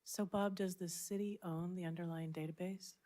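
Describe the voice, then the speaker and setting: Woman, committee member, precise and enthusiastic, pitched a bit low. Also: steady tone, moderate pace, dark tone. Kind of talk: meeting discussion.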